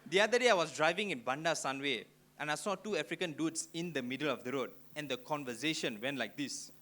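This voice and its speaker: A young man from Malaysia with a Malaysian English accent, doing an animated stand-up routine in front of a live audience. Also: on the high side, fast talker. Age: young adult. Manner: animated, punchy storytelling. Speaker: stand-up comedian. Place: auditorium stage before a live audience.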